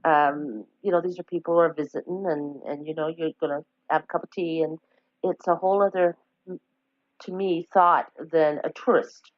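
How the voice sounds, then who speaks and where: A woman's voice: sits low, steady tone, moderate pace, no echo. A woman, chatting in a podcast interview in a rambling, self-correcting way. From Newfoundland, Canada. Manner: rambling, self-correcting, warm storytelling with laughs. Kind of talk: casual conversation. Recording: dull, dry lo-fi podcast audio.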